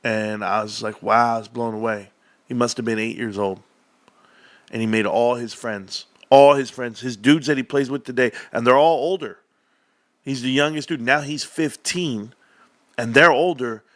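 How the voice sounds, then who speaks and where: A mid-range male voice, moderately paced and dryly recorded, belongs to a livestream host in casual conversation. He's lively in his storytelling and acts out the voices of those in his anecdotes.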